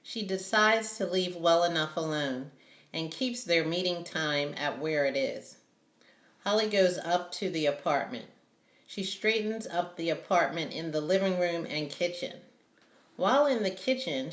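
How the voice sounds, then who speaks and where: A woman narrating an audiobook chapter in a slow, even reading style. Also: lowish voice. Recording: roomy echo.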